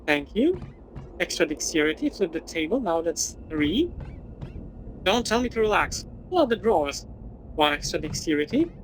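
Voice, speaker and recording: A woman's voice: fairly low pitch, very animated, normal speed, a little hiss or hum, poor audio. Woman reading game text with dry asides. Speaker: gaming channel host. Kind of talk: let's play commentary, reading game text aloud.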